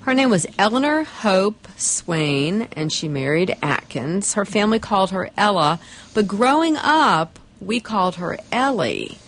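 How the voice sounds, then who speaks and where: A woman's voice: mid-range voice, big pitch swings, a little slow, slight background noise. A woman author answering interview questions, often repeating words as she thinks. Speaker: author and guest. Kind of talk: radio interview.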